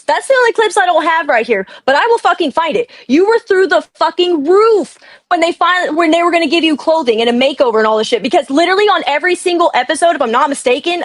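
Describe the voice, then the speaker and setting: A woman's voice: very high voice, no echo. A woman ranting angrily on a livestream chat, swearing often and venting about someone. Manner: angry, profane ranting. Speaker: guest.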